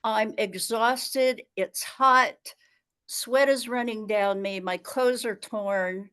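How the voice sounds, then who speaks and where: A woman's voice: fairly high pitch, slow, a bit bright, clean tone. A woman storyteller telling a comic tall tale in a dramatic, exasperated manner. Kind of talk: comic tall tale told over a video call.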